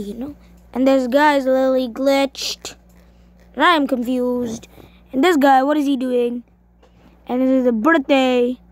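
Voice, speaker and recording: A woman giving casual, excitable gameplay commentary, shrieking and cursing at what happens in the game. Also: high voice. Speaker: gamer.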